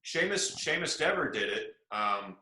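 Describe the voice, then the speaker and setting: A man's voice: medium pitch, measured pace. A young man from South Carolina, a guest actor, telling stories casually and acting out the quotes. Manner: animated storyteller acting out quotes. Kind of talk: casual storytelling interview. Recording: echoey room.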